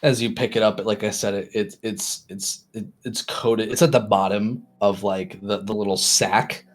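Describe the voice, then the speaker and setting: A man narrating a tabletop game as game master, describing scenes in a halting way with many restarts. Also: on the low side, steady tone.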